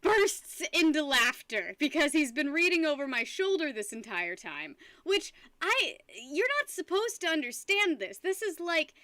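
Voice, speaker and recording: High, bright-voiced young woman streamer. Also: a little slow, hardly any pauses, dry recording, studio quality. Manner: rambling, animated storytelling with frequent laughter. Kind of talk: casual chat with live stream viewers.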